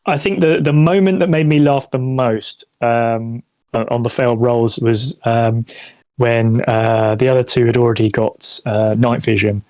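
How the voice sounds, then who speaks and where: A man's voice: medium pitch, steady tone, measured pace, darkish tone, no echo. A man, the game master, chatting casually about a tabletop game, with hesitant fillers and laughter.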